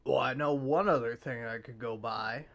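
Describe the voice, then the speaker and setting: Brief: a gravelly man in his forties, self-mocking and profane, casually narrating his gameplay in a mid-pitched voice. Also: normal speed, fairly bright tone. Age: 40s. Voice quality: gravelly, smoker's voice. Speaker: game streamer.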